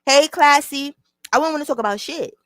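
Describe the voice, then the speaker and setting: A woman's voice: high-pitched, brisk, a bit bright, dry recording. A woman hosting a casual livestream, talking bluntly and with plenty of profanity straight to her chat through a small mic near her mouth. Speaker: channel host.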